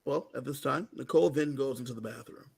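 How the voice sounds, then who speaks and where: A man co-hosting a casual recap chat, telling the story with animated energy. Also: medium pitch, fast talker, gravelly, breathy edge. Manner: animated storytelling, acting out quoted lines. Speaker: co-host.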